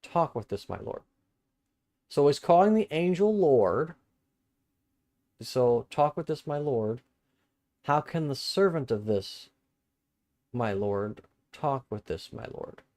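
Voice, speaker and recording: This Bible study host speaks slowly and expressively in a mid-range, darkish voice, pausing often. He reads verses aloud on a live stream, then comments on them casually, rereading and repeating phrases as he works them through, with plain-spoken asides between the formal scripture.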